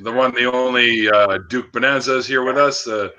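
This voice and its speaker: Guy hosting a call stream, bright forceful voice, lotsa uhs, kinda muffled lo-fi audio. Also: mid-range voice, normal speed. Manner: relaxed, filler-heavy, hesitant. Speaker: livestream host. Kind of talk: casual group video-call chat. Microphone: computer mic on a video call.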